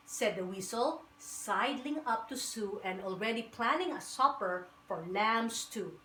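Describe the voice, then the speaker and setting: A woman reading a children's picture book aloud with lively, rhythmic, sing-song storytelling. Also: a little high, measured pace, few pauses, slight background noise. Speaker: storybook reader. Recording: echoey room.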